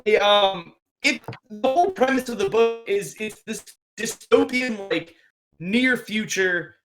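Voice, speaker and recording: A man's voice: high voice, lively intonation, unhurried, loud music behind the voice. A man co-hosting a podcast, casually rambling through a story with fillers. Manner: rambling, summarizing a book. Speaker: podcast co-host. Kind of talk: casual chat.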